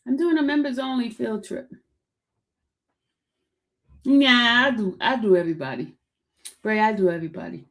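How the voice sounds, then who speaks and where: Talking straight to her viewers and calling them by name, a woman runs a relaxed livestream chat through a streaming setup, often repeating herself. She speaks at a normal speed in a fairly high voice, leaving long pauses.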